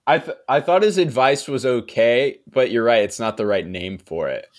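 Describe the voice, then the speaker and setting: A young man hosting a podcast, recapping a TV episode in a relaxed, chatty way, often laughing and trailing off quietly. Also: mid-range voice, moderate pace. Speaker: podcast host. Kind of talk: casual chat recapping a TV episode.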